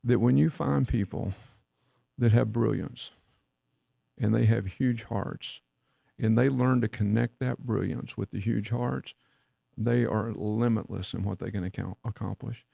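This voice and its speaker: A man's voice: on the low side, steady tone, unhurried, gravelly, mellow, no echo. A man, co-hosting a podcast, telling a story in a folksy way and acting out the dialogue. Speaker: podcast co-host and leadership mentor. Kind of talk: casual storytelling chat.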